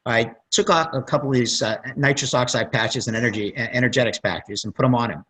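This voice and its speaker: A man's voice: mid-range voice, a little fast, fairly bright tone, husky, low-quality recording. A man, a plastic surgeon guest on a conference call, telling rambling stories and acting out what people said. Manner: rambling storyteller, acts out quotes.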